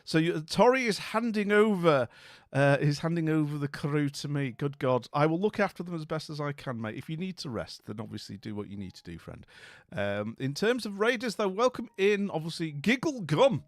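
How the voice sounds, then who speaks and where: Here the man's voice sits fairly high and sounds animated, moving at a moderate pace in a studio-quality recording with no echo. He's hosting a live stream and greeting viewers with loose, joking chatter full of fillers, sounding tired and dopey.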